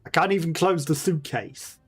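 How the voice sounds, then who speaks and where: A man hosting a let's play, reading in-game letters and clues aloud haltingly, with fillers and self-corrections. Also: on the high side, husky, soft background music.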